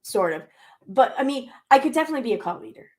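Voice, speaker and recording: A woman's voice: high-pitched, very animated, fast talker, darkish tone. A woman hosting a commentary channel, reacting to clips with sarcastic, exasperated rants full of swearing.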